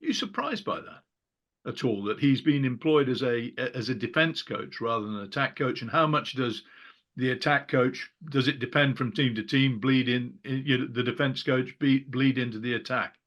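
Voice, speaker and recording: A man's voice: mid-range voice, moderate pace, a bit bright, highs cut off. A man on a rugby podcast panel asking long, carefully worded questions. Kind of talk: podcast discussion.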